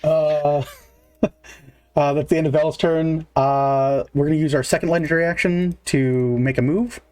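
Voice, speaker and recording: A man's voice: fairly high pitch, fairly even intonation, moderate pace, darkish tone. A man narrating as game master in a casual, filler-heavy way, counting moves aloud.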